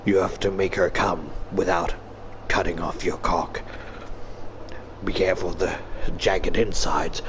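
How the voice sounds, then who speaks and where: A man voicing a sinister male villain who sets deadly games, in a slow menacing drawl. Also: sits low, steady tone, noisy background, pitched below the performer's own voice. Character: sinister low male game-master villain.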